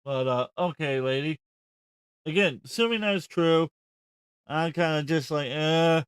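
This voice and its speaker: A man's voice: fairly high pitch, measured pace, pauses often, smooth, dry recording. A man hosting a reaction stream, ranting with sarcastic exasperation and frequent swearing. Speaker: host reacting to a clip. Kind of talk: reaction commentary.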